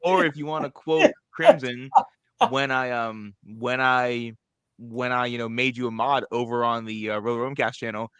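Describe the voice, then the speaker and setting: A man's voice: medium pitch, normal speed, fairly bright tone, smooth, no room sound. A man co-hosting a casual podcast, making goofy, crude jokes and talking with plenty of fillers. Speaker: podcast co-host. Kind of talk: casual chat.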